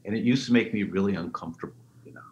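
A man, the interview guest, telling stories with animated energy and jumping into high-pitched voices when he quotes people. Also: racing, dull audio. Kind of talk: enthusiastic storytelling in an interview. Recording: roomy remote line with faint noise.

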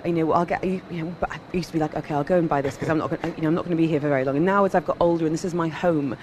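A woman hosting a live radio chat outdoors at a design event. She is lively and enthusiastic and laughs easily. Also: sits low, very fast, a little hiss or hum. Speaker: radio host.

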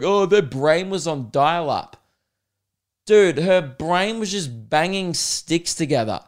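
A young man, hosting a podcast and telling a comedic story in an animated, swearing way, laughing at his own jokes. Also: high-pitched. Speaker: podcast host.

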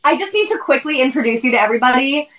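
A woman's voice: high voice, animated, rapid-fire, a bit bright, rough recording. A woman host chatting casually with a guest on a live stream, effusive and giggly. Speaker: podcast host.

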